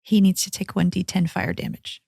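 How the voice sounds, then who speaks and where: A woman at a tabletop game table, explaining rules playfully and casually. Her voice is a bit low, with a gravelly fry to it, and it sounds close and dry. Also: little pitch movement, moderate pace, warm tone, no echo. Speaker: player.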